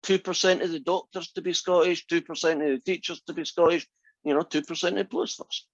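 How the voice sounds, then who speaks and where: Questioning math teacher lecturing a class. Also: male voice, a little high, fairly even intonation, quick pace, no echo, lo-fi sound. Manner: asks the class many rhetorical questions. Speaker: math instructor.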